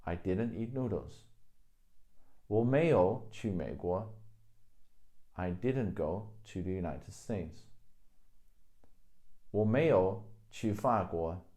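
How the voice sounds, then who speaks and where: A male teacher walks through a grammar lesson at an unhurried, deliberate pace. His voice sits fairly low and has a mellow, dark tone. He is patient and repeats every example so it sinks in. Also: animated. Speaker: language teacher. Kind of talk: explaining grammar in a video lesson.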